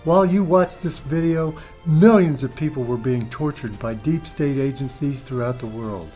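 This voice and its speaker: A man's voice: medium pitch, normal speed, dark tone, soft background music. A man giving grave, urgent scripted documentary narration.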